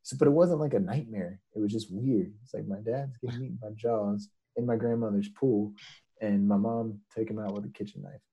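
Mellow, husky man spinning a rambling tale. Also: fairly low pitch, fairly quick, muffled recording. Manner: rambling, many fillers and restarts, acts out quotes. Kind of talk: casual storytelling chat.

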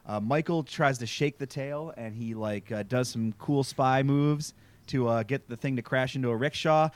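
A man's voice: mid-range voice, normal speed, no room sound. A man hosting a podcast, recapping a TV episode in casual, jokey chat full of fillers and swearing. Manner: rambling, profane, jokey, lots of fillers. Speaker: podcast host recapping a show.

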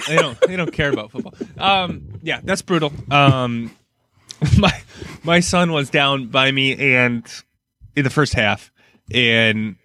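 A man's voice: medium pitch, pushed and bright, dry recording, studio quality. A middle-aged man co-hosting a casual sports podcast, rambling and laughing often as he vents his frustration.

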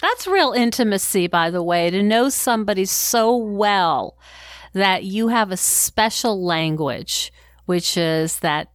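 A woman's voice: mid-range voice, lively intonation, takes it slowly, dry recording, studio quality. A woman hosting an interview podcast, speaking in a reflective, earnest way. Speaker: podcast host.

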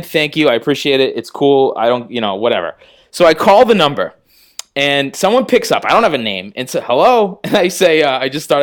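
A man's voice: on the high side, fairly bright tone. A man, a guest on a podcast, telling a story in casual chat, acting out both sides of the conversations and swearing freely. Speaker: podcast guest and radio producer.

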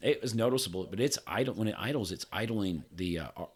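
A man's voice: lowish voice, lively intonation, fast, slightly rough. A man co-hosting a podcast, telling a rambling, profane story in casual chat with frequent laughs. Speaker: podcast co-host.

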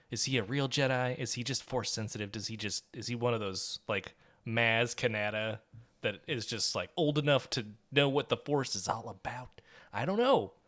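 A man co-hosting a podcast in casual chat, quick and given to laughing as he talks. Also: mid-range voice, fairly bright tone. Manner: quick, laughs often, trails off. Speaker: podcast co-host.

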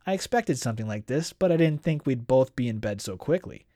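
A cool, unflappable young swordswoman, read aloud by a man, talking calmly and dryly. Her lines come quiet and low-key, in a dry, close sound with no room around them. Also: fairly quick, no room sound, close to an everyday voice. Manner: calm, dry, reasonable. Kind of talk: reading a novel aloud.

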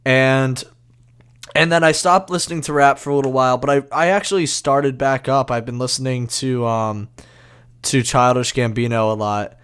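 A young man in casual chat, hesitant and halting with many restarts. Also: medium pitch, a bit bright, smooth. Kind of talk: casual chat over a call.

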